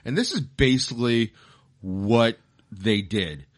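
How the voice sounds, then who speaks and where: A man's voice: medium pitch, slow pace. A man co-hosting a podcast, ranting with heavy swearing in a casual movie review chat. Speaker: podcast co-host.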